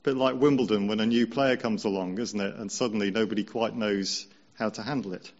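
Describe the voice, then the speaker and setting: A man preaching a conversational sermon, slowing down to stress key points. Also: on the low side, fairly even intonation, dull audio. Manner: measured, conversational, slows down for emphasis.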